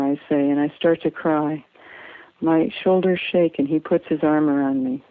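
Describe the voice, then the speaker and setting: A woman's voice: low-pitched, steady tone, moderate pace. Woman reading a memoir over a tinny line. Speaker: memoir reader. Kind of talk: first-person story reading. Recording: tinny phone-like dry sound.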